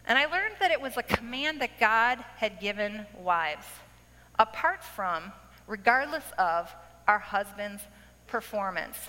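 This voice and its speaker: A woman giving a testimony talk to a women's audience, dramatic and laughing often, acting out her past self in sudden high outbursts. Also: animated, unhurried, pushed and bright. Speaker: speaker addressing a women's audience. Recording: echoey hall with faint noise.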